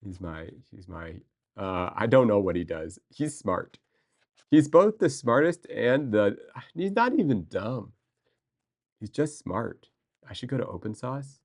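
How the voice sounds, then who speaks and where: A man on a livestream, talking casually to his viewers and answering their chat. He rambles excitably, restarting his sentences as he goes. His voice sits a little low for a man.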